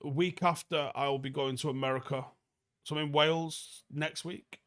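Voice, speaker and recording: Blunt sweary football host. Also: male voice, on the high side, fairly even intonation, normal speed, fairly bright tone. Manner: blunt, sweary, reads viewer comments aloud and answers them. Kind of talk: live stream chat review.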